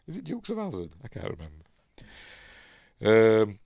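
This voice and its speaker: A lower-voiced Yorkshire man talks his way through a film as he watches it, rambling and chuckling at his own asides. His pitch swoops up and down as he goes. The recording is dry and close. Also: huge pitch swings, a little slow, creaky, pauses often, darkish tone, no echo. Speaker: film review podcast host. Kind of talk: casual film commentary.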